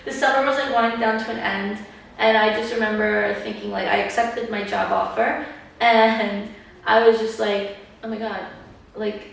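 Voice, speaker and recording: A woman's voice: medium pitch, fairly even intonation, moderate pace, gravelly, far from the mic. A young woman hosting a podcast in casual chat, leaning on "like" and acting out what people said. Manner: chatty, fills talk with "like", acts out quotes. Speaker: podcast host. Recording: echoey room, voice a bit off-mic.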